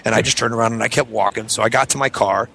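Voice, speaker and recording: Speaking very fast in a gravelly mid-range voice, a man who is a show regular spins a profane, animated story, raising his voice to act out quoted lines. The audio is poor, with a little hiss or hum.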